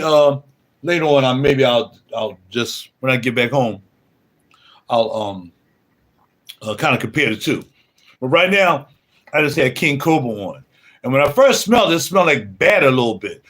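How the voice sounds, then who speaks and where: A man's voice: fairly high pitch, a bit bright. An older man chatting casually on a livestream from his home music room, talking in a laid-back, rambling way with a lot of slang. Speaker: livestream host.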